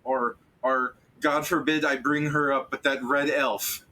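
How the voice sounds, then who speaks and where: A man's voice: mid-range voice, level tone, measured pace, bright, forceful tone, low-quality recording. A man voicing a worried male townsperson who rambles and turns sarcastic. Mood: snippy.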